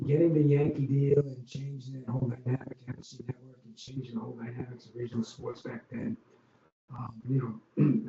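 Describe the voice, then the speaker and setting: An older man with a mid-range voice and vocal fry, formerly an arena executive from Long Island, New York, tells wandering anecdotes in a casual interview, stumbling through ums and restarts. The podcast audio sounds dull and roomy, with faint background noise.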